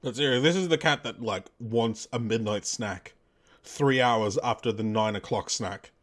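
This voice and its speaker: A man's voice: mid-range voice, normal speed, fairly bright tone. A young adult man chatting casually while streaming a game, rambling and correcting himself with lots of fillers. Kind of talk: casual let's-play chat.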